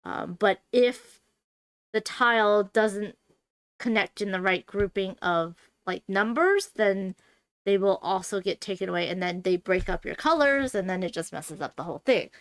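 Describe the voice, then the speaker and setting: A woman's voice: medium pitch, expressive, moderate pace, no room sound. A woman hosting a board game stream, chatting casually and thinking aloud as she plays, with lots of fillers. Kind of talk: casual gameplay chat.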